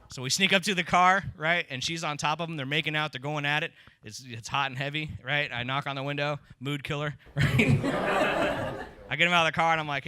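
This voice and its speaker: On a comedy club stage, with the audience laughing, a man tells stories in a wry, conversational way, landing tag lines. His voice sits on the high side, moves fairly quickly, and has a sharp tone with no echo.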